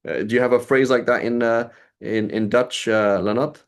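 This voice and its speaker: A man's voice: medium pitch, fairly even intonation, normal speed. A man teaching Arabic grammar to a small group over a video call, explaining step by step and checking in with a frequent "right?".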